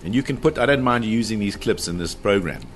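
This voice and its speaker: Animated storytelling man, lively pitch. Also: fast, a little hiss or hum. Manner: dramatic, acts out quotes, repeats phrases. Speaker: guest describing a paranormal encounter.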